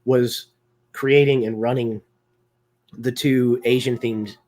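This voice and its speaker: A man's voice: mid-range voice, fairly even intonation, takes it slowly, darkish tone. A man hosting a live video discussion, talking casually with many fillers and restarts. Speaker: host.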